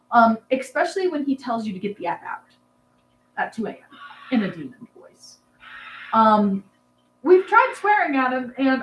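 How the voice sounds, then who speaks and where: A young woman hosting a casual livestream, rambling and chatty, with plenty of "um"s and asides to her viewers. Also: mid-range voice. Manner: rambling, chatty, lots of "um"s, laughs with the chat. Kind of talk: casual live chat. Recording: echoey room with faint background hum.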